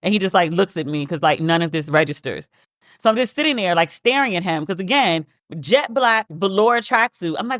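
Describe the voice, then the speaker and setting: A woman hosting a podcast, telling casual stories in a chatty, animated way and acting out the voices of people she quotes. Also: medium pitch, moderate pace, no echo, clean studio sound. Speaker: podcast host. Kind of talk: casual storytelling monologue.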